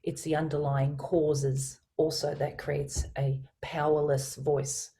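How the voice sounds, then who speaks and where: A woman with a low voice and a mellow, warm tone. She explains her coaching ideas with lively, enthusiastic emphasis, as a guest on a video call. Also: slow pace. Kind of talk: guest in a business interview.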